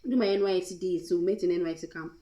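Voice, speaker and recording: Mellow-voiced Nigerian woman, candid storytime. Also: on the low side, fairly even intonation, rapid-fire, roomy sound, low-quality recording. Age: young adult. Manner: candid and emotional, mixing in pidgin. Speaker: vlogger. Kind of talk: storytime vlog.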